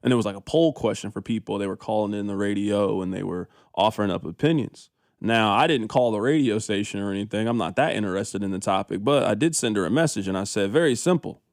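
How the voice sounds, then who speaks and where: A man co-hosting a casual sports talk radio show, riffing in an animated, incredulous, slangy way into a studio microphone. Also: on the low side, fast talker, dry recording.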